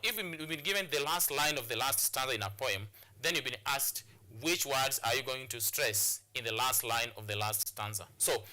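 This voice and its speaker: A man's voice: medium pitch, pushed and bright. A man from Kenya teaching an English lesson, explaining step by step and often repeating and restarting words. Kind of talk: classroom lesson on a television channel.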